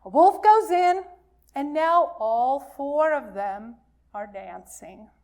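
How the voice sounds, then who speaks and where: Woman minister, storytelling for all ages, high voice, unhurried delivery. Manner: slow, expressive storytelling. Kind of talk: reading a folktale aloud in a worship service.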